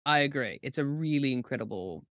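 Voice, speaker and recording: A man's voice: mid-range voice, expressive, brisk, fairly bright tone, no room sound, studio quality. A young man hosting a podcast, asking questions in a playful, chatty way and giggling often. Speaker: podcast host. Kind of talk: casual chat.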